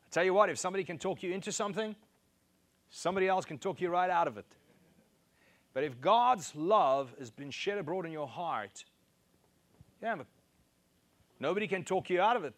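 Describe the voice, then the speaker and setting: Male preacher, fairly high voice, emphatic and repetitive in delivery. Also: expressive, fairly quick, pauses often, a bit bright. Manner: emphatic, repeats key phrases, rises in pitch to stress points. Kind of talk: sermon.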